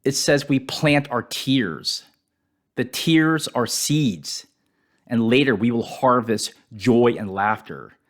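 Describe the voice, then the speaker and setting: A man giving a reflective devotional Bible teaching, dropping his voice softly on painful words. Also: medium pitch, slow.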